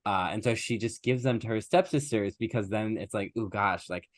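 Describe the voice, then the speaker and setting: A man co-hosting a podcast, casually retelling a fairy tale and briefly acting out its characters in quick little voices. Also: lowish voice, no echo, studio quality. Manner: animated, acts out characters in quick voices, laughs often. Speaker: podcast co-host. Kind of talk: casual chat, retelling a story.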